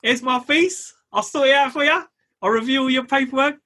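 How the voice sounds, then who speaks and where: A man putting on a breezy, confident fixer type with a slick, reassuring patter. The pitch is pushed well up, and there is a husky grain under it. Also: brisk, sharp tone, full character voice.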